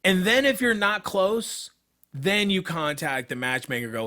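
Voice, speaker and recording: Pitched high with big swings, his voice is unhurried and sharp-toned. The young man is a podcast co-host and MMA fighter, and he gets worked up describing his fighting career in blunt, profane terms.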